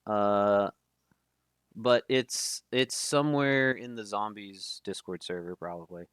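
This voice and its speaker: A man's voice: lowish voice, slow pace, clear, resonant tone, no echo. Man casting a live game stream. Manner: casual, chatty, stumbles over names. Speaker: tournament caster. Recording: loud background noise.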